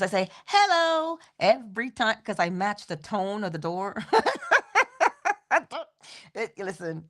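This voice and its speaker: A middle-aged woman giving an inspirational spiritual talk, repeating phrases rhythmically and laughing often. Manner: animated, swoops high in pitch, laughs often. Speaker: inspirational speaker.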